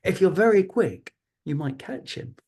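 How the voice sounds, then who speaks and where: A big storybook monster fakes innocence in a high, squeaky, coy voice, put on by a man reading aloud. The pitch sits well above the reader's own voice. The tone is sly and playful. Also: expressive, a little slow, darkish tone.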